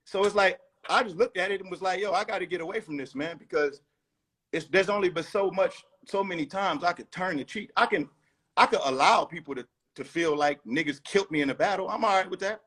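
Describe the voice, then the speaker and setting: A man's voice: high-pitched, a little fast, fairly bright tone. A man talking as a rapper guest in a casual interview, blunt, emphatic and profane.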